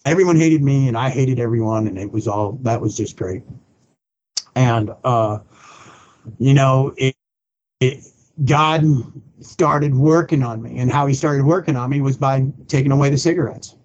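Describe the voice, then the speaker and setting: The audio is dull, and the man speaks at normal speed in a medium-pitched voice. He's a pastor on a podcast, recounting his recovery story in plain, blunt terms while impersonating those he quotes.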